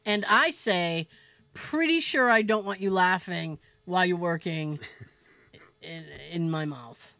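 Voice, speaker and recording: A woman co-hosting a podcast, telling a story in an animated, profane way and laughing as she goes. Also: on the low side, a little slow, dry recording. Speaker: podcast co-host. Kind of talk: casual storytelling chat.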